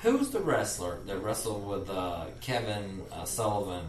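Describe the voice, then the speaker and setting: A man's voice: on the low side, sing-song, a little slow, a crowd in the background. A man in his forties co-hosting a casual fan talk, blunt and swearing freely. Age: 40s. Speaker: podcast co-host. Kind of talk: casual chat. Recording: roomy, distant from the mic.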